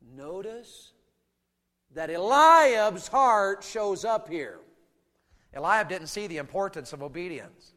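A man preaching a sermon to a congregation. He drops to hushed asides, shouts out acted battle cries, and keeps asking the crowd to answer him. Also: high voice, lively intonation, unhurried, in a large hall. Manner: calls out to the congregation for responses.

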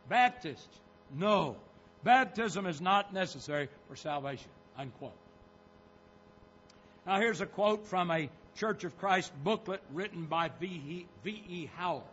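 A pastor preaches in a high, bright voice, taking his time over each point. His delivery turns emphatic and rises on the scripture he quotes. The recording has a dull, lo-fi sound. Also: a little hiss or hum. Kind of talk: sermon.

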